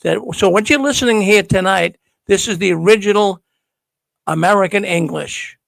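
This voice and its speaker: A man's voice: sits high, moderate pace, vocal fry, a bit bright, no echo, rough recording. A man with a Boston accent hosting a call-in show, speaking in a folksy, easygoing way. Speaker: host.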